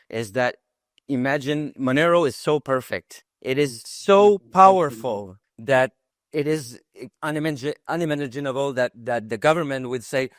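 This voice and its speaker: A man in a casual online group discussion, talking haltingly and stumbling over his words. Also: medium pitch, no room sound. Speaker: discussion participant.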